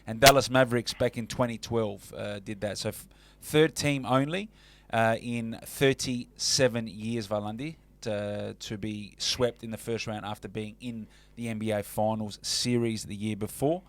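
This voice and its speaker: A man's voice: fairly low pitch, fairly even intonation, moderate pace. A man co-hosting a casual sports radio show, chatty and matey. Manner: chatty, calls co-host mate.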